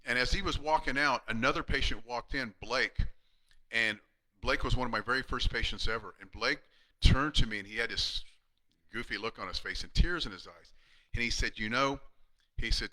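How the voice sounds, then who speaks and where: A man in his fifties speaks with a very bright, forceful tone at a middle pitch. He gives an earnest, emphatic live talk to fellow practitioners, stumbling and restarting often and dropping to a hushed, quieter delivery when he retells stories. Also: normal speed, poor audio. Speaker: chiropractor speaking to fellow chiropractors. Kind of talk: live-streamed motivational talk.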